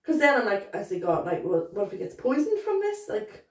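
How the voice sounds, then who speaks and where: A woman's voice: on the high side, huge pitch swings, fairly quick, gravelly. A woman, co-hosting a tipsy casual chat, giggly and rambling, swearing as she tells stories. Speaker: podcast co-host. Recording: echoey room, distant mic.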